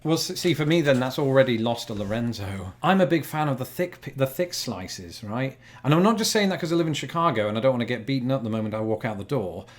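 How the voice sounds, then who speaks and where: A man's voice: medium pitch, expressive, quick pace, hardly any pauses. A man with an English accent hosting a casual chat at home, wry and teasing as he tastes food. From England. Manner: wry, teasing, self-deprecating. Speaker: host.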